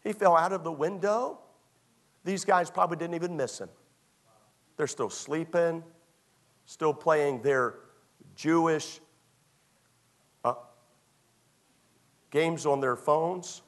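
Speaking slowly with long pauses in a fairly high voice, a male pastor preaches to young people in a church. His retelling of a story is conversational and repetitive, and he acts out small scenes along the way.

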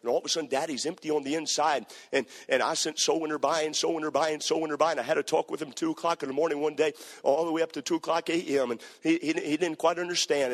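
A male pastor preaching a sermon, moving between hushed storytelling and shouting. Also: fairly high pitch. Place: church sanctuary. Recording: echoey church hall.

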